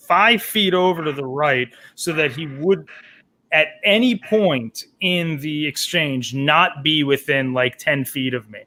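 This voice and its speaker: A man with a bright, somewhat high voice, telling a story on a casual podcast. He rambles along with plenty of "like" and "you know" as he goes. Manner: rambling, filler-heavy storytelling. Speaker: podcast co-host.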